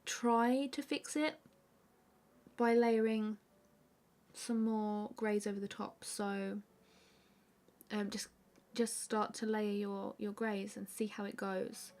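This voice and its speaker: Woman, live-stream art host, relaxed rambling chat, mid-pitched voice. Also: takes it slowly. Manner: relaxed and chatty, many fillers, answers viewer questions. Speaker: artist hosting a live stream. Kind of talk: casual chat while drawing.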